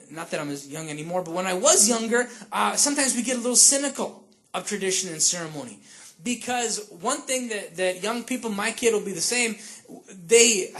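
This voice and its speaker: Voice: medium pitch, a bit bright. A pastor giving a conversational sermon, checking in with the listeners and acting out the characters of the story. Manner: chatty, checks in with listeners with frequent asides; retells scripture by acting out the characters.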